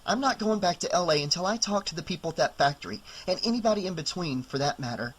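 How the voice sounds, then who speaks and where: A woman's voice: fairly low pitch, animated, fast talker, breathy edge, poor audio. A man reading an audiobook, voicing a determined, defensive young woman who talks in clipped, insistent bursts.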